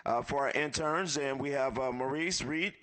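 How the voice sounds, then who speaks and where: A man's voice: medium pitch, moderate pace, a bit bright. A man emceeing a live event, thanking sponsors and calling guests up one by one in an upbeat way.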